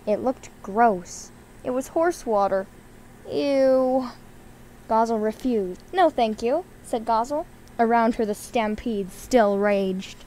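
A woman reading a children's novel aloud, lively, lifting her voice a little for the characters' lines. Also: on the high side, slow pace, slight background noise, rough recording. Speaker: reader.

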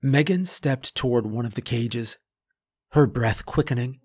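A man narrating a scary story in the first person, slow and measured. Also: medium pitch. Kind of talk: scripted narration. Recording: faint background music.

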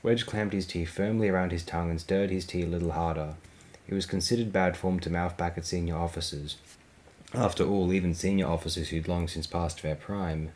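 A man narrating a science fiction novel as a fan audiobook. His voice is very deep and his delivery steady and measured. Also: poor audio. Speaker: audiobook reader.

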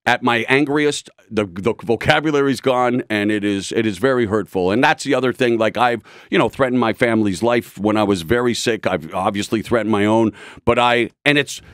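A man's voice: medium pitch, brisk, no room sound, studio quality. Intense, rambling male interview guest. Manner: intense, rambling, frequent restarts. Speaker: guest, broadcaster. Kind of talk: candid interview talk.

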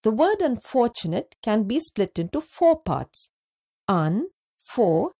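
A woman narrating a scripted school lesson, speaking slowly and deliberately and stretching words out syllable by syllable. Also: fairly high pitch, big pitch swings, mellow, slight background noise. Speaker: teacher narrator.

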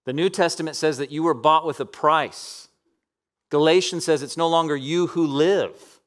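A man in his thirties preaching a sermon as pastor, impassioned, swinging between loud emphatic lines and soft, hushed asides. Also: on the high side, moderate pace.

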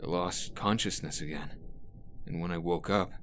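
A man's voice: deep voice, normal speed, a bit bright, slight background noise. A man doing a brash teenage delinquent boy. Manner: rough, blunt, swearing.

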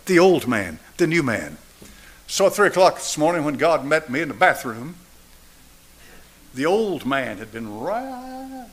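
A man in his seventies preaching a sermon and altar call, driving points home through repetition and swinging between raised and hushed delivery. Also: fairly high pitch. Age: 70s. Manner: emphatic, repetitive preaching cadence. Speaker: pastor.

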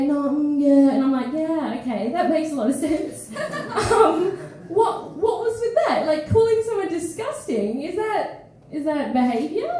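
A woman's voice: sits high, a little hiss or hum. An Australian woman telling a story at a live poetry event, acting out the people in it as she goes. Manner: animated, acts out the people in her story. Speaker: feature poet. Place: small studio venue with a live audience. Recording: echoey live room recording.

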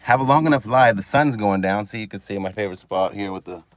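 A man's voice: lowish voice, fast talker. Upbeat man hosting a live stream outdoors. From California. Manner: upbeat, greets viewers by name one after another. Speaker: livestream host. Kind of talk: casual live stream chat reading viewer comments. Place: outdoors at a marina at sunset.

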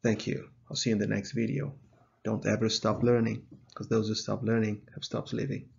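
A male math teacher explains step by step in a measured way, his low voice deeply gravelly and a little husky. He keeps an even, flat delivery, and the recording sounds dull and lo-fi. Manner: measured, explanatory, with some fillers. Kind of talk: video lesson.

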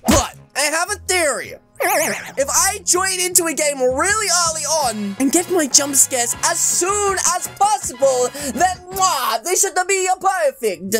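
A woman with a high, bright-sounding voice narrating her gameplay in an excitable, chatty way. She keeps turning to her viewers with a friendly "guys" as she talks. The sound is close and direct, as from a desk microphone. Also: a little slow, over music. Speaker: gaming video creator. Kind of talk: energetic gameplay commentary.

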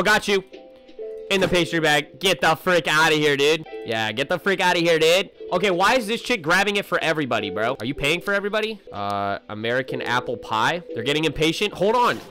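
A man giving excitable, casual commentary while playing a video game, with loud outbursts. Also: medium pitch. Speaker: gaming video creator. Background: game music.

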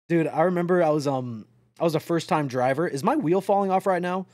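A man's voice: a little high, fairly quick, darkish tone, no echo, clean studio sound. A young man streaming a trucking game, chatting with his viewers in a rambling, joking way and swearing often. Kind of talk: casual live-stream chatter while playing a trucking game.

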